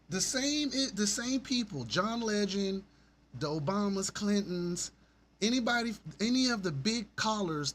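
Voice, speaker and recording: A man's voice: sits high, slight background noise. Profane, sarcastic male podcast host. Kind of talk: ranting solo commentary.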